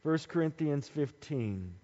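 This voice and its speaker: A man preaching a sermon, dramatic and emphatic, dropping to hushed tones at times. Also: on the high side, animated, a little slow. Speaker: pastor. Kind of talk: Easter sermon. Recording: dull sound with long hall reverb.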